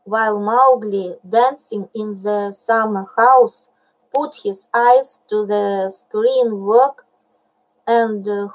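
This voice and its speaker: A woman reading a classic storybook aloud, slowly and carefully, with small slips. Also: medium pitch, darkish tone, rough recording. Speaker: reader.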